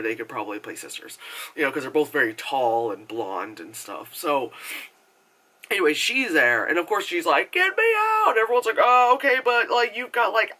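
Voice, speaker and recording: A man's voice: on the high side, bright, forceful tone. A man reviewing a movie in a casual, rambling rant, swearing freely and using lots of filler words. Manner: rambling, profane and chatty, full of filler words; acts out characters' lines in exaggerated voices.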